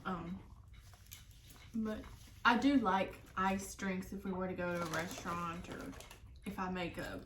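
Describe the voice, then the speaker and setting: A woman's voice: fairly low pitch, steady tone, unhurried, long pauses. A woman chatting casually while eating, easygoing and agreeable, with short remarks. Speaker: co-host of a food vlog. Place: indoors at a table, eating. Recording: echoey room with faint noise.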